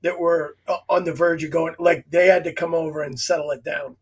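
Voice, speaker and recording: A man with a notably high pitch tumbles eagerly through a story, restarting phrases as his excitement runs ahead of him. He comes across as a guest chiming in on a relaxed chat. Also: brisk, husky. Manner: excitable, tripping over his words as he builds a point. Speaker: podcast guest. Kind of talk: casual chat.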